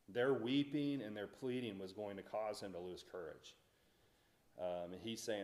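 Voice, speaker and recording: A man's voice: on the low side, measured pace, a little mellow. A man teaching a Bible study in a church, talking conversationally and asking the class questions.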